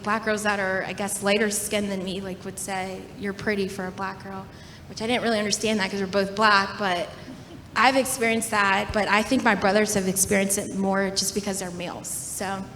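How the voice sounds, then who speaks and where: A young woman on a panel gives a casual personal testimony in a relaxed way, filling her talk with plenty of "like"s. She's recorded in an echoey hall with a faint rumble.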